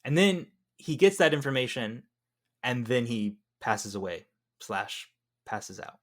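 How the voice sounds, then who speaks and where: A man's voice: mid-range voice, sing-song, measured pace. A man co-hosting a movie review podcast, talking in an easygoing, reflective way with frequent fillers. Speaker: podcast co-host. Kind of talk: casual movie review chat.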